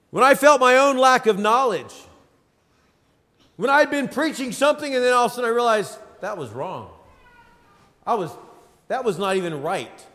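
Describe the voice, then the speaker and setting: A man in his fifties preaching a sermon, with emphatic delivery, dramatic pauses and lists, in a church sanctuary. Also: very high voice, lively intonation, sharp tone. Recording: long hall reverb.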